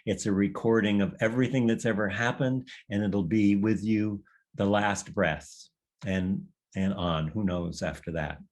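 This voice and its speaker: A man's voice: on the low side, darkish tone. A man leading a workshop session in a reflective, conversational teaching style, meandering and often restarting his sentences. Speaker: workshop leader.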